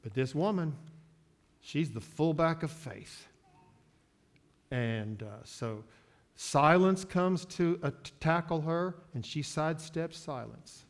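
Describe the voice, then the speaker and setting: Slow, emphatic preaching man. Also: fairly high pitch. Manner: swings from soft asides to loud, stretched-out declarations. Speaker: pastor. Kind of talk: sermon.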